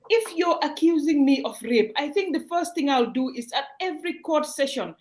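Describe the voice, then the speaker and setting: A woman hosting a discussion, asking questions in a measured way. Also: sits high, low-quality recording. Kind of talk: talk show discussion.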